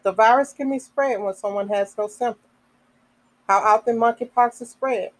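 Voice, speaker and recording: A woman hosting a podcast, reading health information aloud slowly, with casual asides, fillers and the odd self-correction. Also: fairly high pitch, low-quality recording. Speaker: podcast host.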